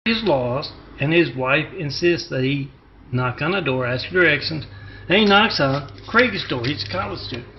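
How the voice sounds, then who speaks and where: A man delivering a rambling, disjointed self-promotional monologue, halting with fillers. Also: fairly high pitch, lively intonation. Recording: muffled lo-fi recording with faint hiss.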